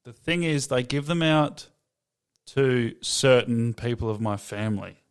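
A man's voice: mid-range voice, unhurried, clean tone. A man co-hosting a podcast in casual chat, often laughing and trailing off mid-sentence. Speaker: podcast co-host.

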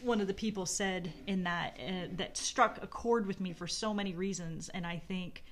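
A middle-aged woman co-hosts a podcast, reflecting at length in casual conversation about her marriage, with many fillers and restarts. Her voice is fairly low and moves at a moderate pace, with slight background noise in the recording.

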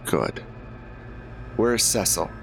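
A man playing a cold male government interrogator who speaks in calm, condescending threats. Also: on the low side, slow, gravelly, soft background music, voice pushed down, heavily acted. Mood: menacing.

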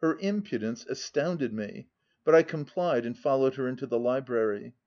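A man narrating a classic novel as an audiobook in an even, measured reading style. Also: mid-range voice. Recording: slightly dull lo-fi audio.

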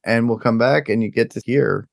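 A man's voice: medium pitch, normal speed, creaky, no echo, studio quality. A man hosting a podcast, introducing a listener-feedback segment in casual chat. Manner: loose, segue-style hosting. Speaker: podcast host.

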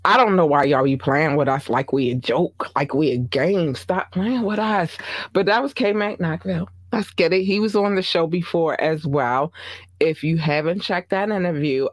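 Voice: mid-range voice, no room sound. A podcast host with a Baltimore accent, chatting casually and rambling through asides, corrections and fillers.

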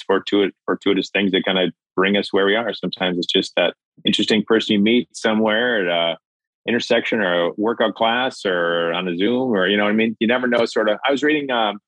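A man in his fifties from Minnesota, a filmmaker and actor telling a story in a lively, animated way over a video call. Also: low voice, no echo, rough recording. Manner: lively, acts out voices, stammers on restarts.

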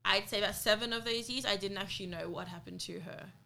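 A woman co-hosts a podcast, speaking earnestly and from the heart in a candid conversation and retelling a friend's words. Her medium-pitched voice is gravelly, pushed, and bright, and she talks at a quick pace.

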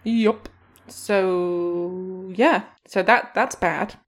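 A woman's voice: mid-range voice, fairly even intonation, drawn-out words. A woman podcast co-host ranting in casual chat, furious and swearing heavily. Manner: furious, heavy swearing rant.

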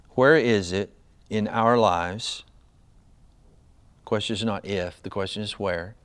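With a smooth voice, this male pastor talks to his congregation conversationally during a sermon, often tossing in "right?" and rising to loud, high emphasis.

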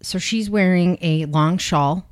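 A woman's voice: lowish voice, slow pace. A woman hosting a podcast, casually retelling a true crime story with lots of swearing and acted-out quotes. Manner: casual, animated, swears freely, acts out quotes. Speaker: podcast host.

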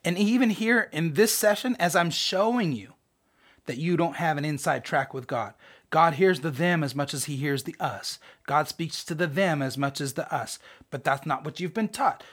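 A man's voice: on the high side, fairly bright tone. A man teaching a podcast Bible lesson in a conversational way, often asking rhetorical questions.

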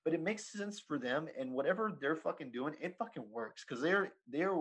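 A man's voice: on the high side, lively intonation, normal speed, fairly bright tone, husky, rough recording. A man in his thirties telling a story in casual chat, rambling, swearing and laughing often. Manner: profane, rambling, laughs often, says "dude" constantly.

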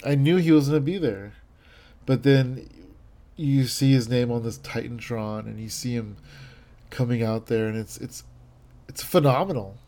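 A man in his thirties talks in a loose, rambling way, piling up fillers and restarts. His voice is mellow and dark in tone, and his enthusiasm comes through as he chats casually. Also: medium pitch, normal speed, pauses often. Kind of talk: casual chat.

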